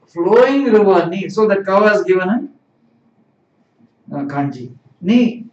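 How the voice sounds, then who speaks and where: A man's voice: sits high, lively intonation, unhurried, long pauses. A man teaching a live-streamed language lesson, explaining patiently and repeating phrases. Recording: roomy, distant, dull sound.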